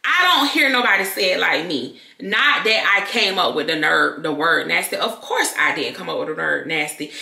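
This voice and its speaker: A woman YouTuber talking candidly to her viewers, loud and expressive, in casual talk to camera. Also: lowish voice, moderate pace, vocal fry, hardly any pauses. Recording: echoey room.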